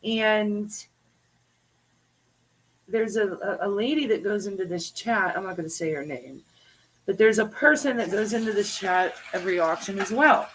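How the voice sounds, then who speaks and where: A woman's voice: mid-range voice, lively intonation, moderate pace, slight background noise, poor audio. A woman co-hosting a casual chat, telling an exasperated, ranting story. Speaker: co-host.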